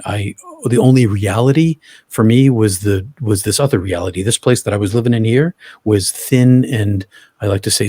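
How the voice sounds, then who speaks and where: A man telling his own story as an interview guest, halting, often restarting and repeating words. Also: on the low side, a little mellow, no echo, studio quality.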